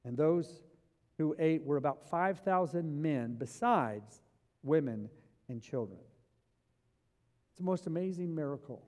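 A man preaching with a somewhat high voice that carries a long reverb, as if in a big hall. He swings from loud, eager emphasis to hushed, intense asides, driving each point home. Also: lively intonation, measured pace, long pauses. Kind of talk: sermon.

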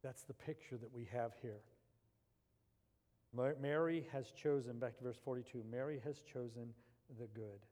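A man preaching a sermon with passion, swinging between loud urgency and hushed intensity. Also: mid-range voice, moderate pace, in a large hall.

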